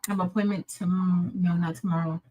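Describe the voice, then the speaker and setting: A woman's voice: lowish voice, flat delivery, brisk, mellow, rough recording. A woman hosting a casual live stream, chatting and greeting viewers by name while she works. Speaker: livestream host.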